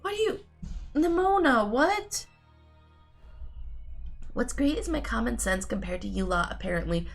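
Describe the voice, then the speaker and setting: A woman streaming a video game, giving wry, sarcastic commentary with casual swearing and a low-energy delivery. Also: animated, a little slow, gravelly, long pauses, soft background music.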